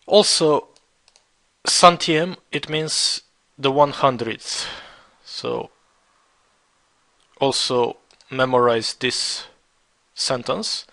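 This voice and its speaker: A man teaching a beginner French lesson, repeating words slowly and spelling them out letter by letter. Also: mid-range voice, creaky, a bit bright. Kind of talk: slow beginner language lesson.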